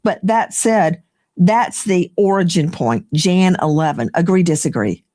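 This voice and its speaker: A woman's voice: fairly low pitch, a little slow, dark tone. A woman co-hosting a case discussion, laying out a timeline point by point and asking for agreement. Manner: analytical, lays out a timeline point by point.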